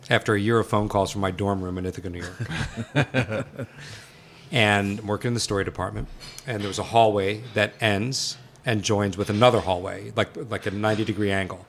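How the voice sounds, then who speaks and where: A man, a guest filmmaker, telling an animated story and acting out the voices of the people in it. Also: lowish voice, moderate pace, slight background noise. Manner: excited, acts out dialogue in quotes. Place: film set.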